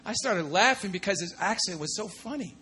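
High, bright-voiced man preaching a sermon. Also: lively intonation, a little fast. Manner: exclamatory, with frequent "come on" and "glory to God"; swings between loud bursts and hushed asides.

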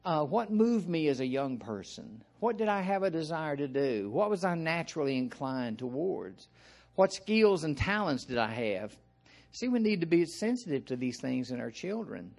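An older man with a Southern American accent, preaching an informal sermon in a folksy, rambling way with frequent asides and throat clearing. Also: fairly high pitch, sing-song, normal speed, darkish tone.

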